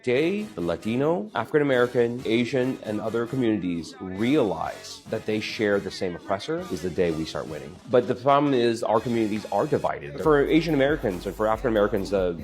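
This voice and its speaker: A man's voice: on the low side, very animated, fairly quick, hardly any pauses, darkish tone. A man speaking as an activist, impassioned and emphatic. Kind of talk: speech about community. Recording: faint music under voice.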